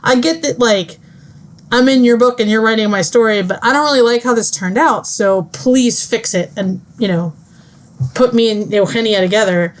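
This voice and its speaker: A woman voicing a heartbroken young man who pleads in a high, upset tone. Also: normal speed, close to an everyday voice. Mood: pleading.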